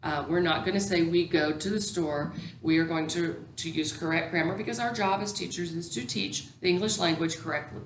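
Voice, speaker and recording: A woman's voice: fairly low pitch, fairly even intonation, a little fast, few pauses, reverberant, a little hiss or hum. A woman teacher educator giving a recorded lecture, explaining patiently with many ums and restarts.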